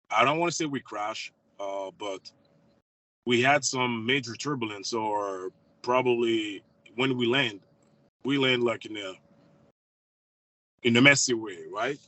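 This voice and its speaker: A man in a casual call chat, halting and trailing off quietly with many fillers. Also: lowish voice, no echo, low-quality recording.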